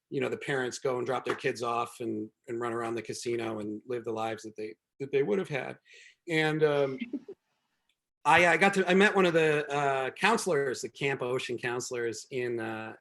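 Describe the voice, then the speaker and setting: A man's voice: mid-range voice, fairly even intonation, moderate pace, creaky, fairly bright tone. A man doing a wry stand-up set and hosting a show from home over a video call, rambling with many ums and restarts. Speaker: comedian and show host.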